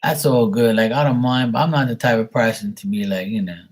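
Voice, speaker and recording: A man's voice: medium pitch, a little fast, darkish tone. A man chatting casually with viewers on his live tarot stream, blunt and swearing freely.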